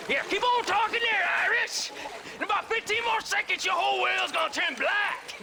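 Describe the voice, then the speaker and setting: An actor with a Welsh accent playing a mocking, menacing thug. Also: male voice, very high voice, normal speed, pitched above the performer's own voice. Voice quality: gravelly, sneering. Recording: game audio with outdoor noise.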